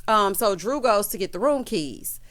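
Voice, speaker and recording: Sassy, animated woman dishing gossip. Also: mid-range voice, moderate pace. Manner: sassy, dramatic, sprinkles "honey" and "child"; lively storyteller, acts out quotes. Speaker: show recap host. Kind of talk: casual TV recap commentary.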